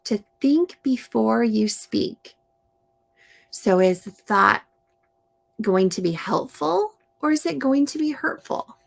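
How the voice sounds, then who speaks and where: A woman reading aloud and explaining to young children in a slow, gentle teaching manner. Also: fairly high pitch, expressive, creaky. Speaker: storytime reader and teacher.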